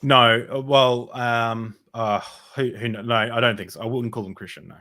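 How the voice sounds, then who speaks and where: A man's voice: medium pitch, fairly even intonation, normal speed, bright, forceful tone. A young man in an interview, telling a personal story in a rambling way, with many fillers and restarts. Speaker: podcast guest.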